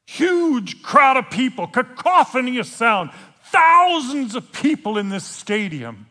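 Slow, animated man preaching a story sermon. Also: extremely high pitch. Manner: animated, acts out scenes with playful humor; halting, with frequent restarts.

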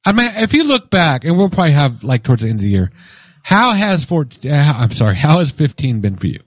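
A man co-hosting a casual podcast, telling stories in a lively, joking way and acting out what people said. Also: a little high, normal speed, long pauses, dry recording. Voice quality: lively, joking storyteller who acts out quotes. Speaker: podcast co-host. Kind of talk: casual chat.

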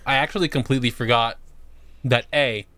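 A man's voice: medium pitch, steady tone, a little fast, a bit bright, dry recording. A man co-hosting a comedy podcast, joking and swearing with friends in casual chat. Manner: laughing, swearing, puts on silly character voices. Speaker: podcast co-host.

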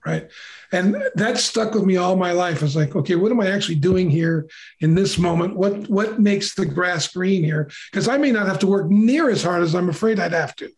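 An older man telling a childhood story in a relaxed, conversational way, acting out the voices of the people he quotes. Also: high voice, normal speed. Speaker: podcast co-host. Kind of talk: casual storytelling.

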